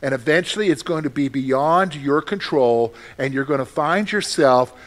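High-voiced preaching man. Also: moderate pace. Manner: animated preaching, rhetorical questions to listeners. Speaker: pastor. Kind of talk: sermon.

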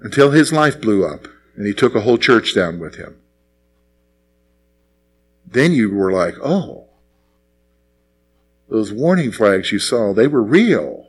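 A man's voice: medium pitch, big pitch swings, a little slow, pauses often, breathy edge. A man preaching a sermon, earnest and repetitive, acting out sample prayers to his congregation. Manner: earnest, repeats phrases, acts out prayers. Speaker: pastor.

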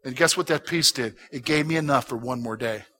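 A man pastor preaching a sermon, swinging between loud urging and hushed, intimate talk and repeating short exhortations. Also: mid-range voice, fairly quick, a little hiss or hum.

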